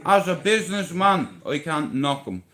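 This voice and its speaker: A man's voice: fairly high pitch, sing-song, normal speed, a bit bright, low-quality recording. Taunting, aggressive Irish man ranting. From Ireland. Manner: aggressive, taunting and boastful, heavy swearing; challenges his target directly. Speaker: livestreamer. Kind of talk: livestream rant to camera.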